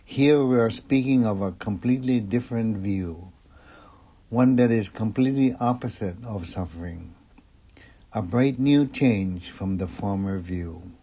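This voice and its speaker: A male Buddhist minister delivers a Dharma talk in a slow, measured way. His voice sits low and sounds warm and mellow. He keeps an even calm throughout. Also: husky.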